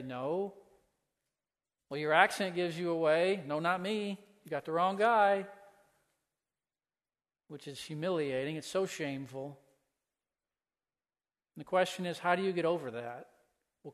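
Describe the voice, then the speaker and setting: A man's voice: fairly high pitch, a bit bright. A man preaching a sermon as pastor, earnest, asking the listeners pointed questions. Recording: long hall reverb.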